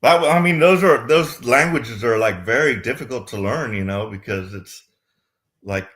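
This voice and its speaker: A man's voice: mid-range voice, moderate pace, a bit bright. A man calling in to a live Q&A, talking casually and rambling with lots of fillers. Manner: rambling, many fillers like "like" and "you know". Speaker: caller. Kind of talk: casual chat.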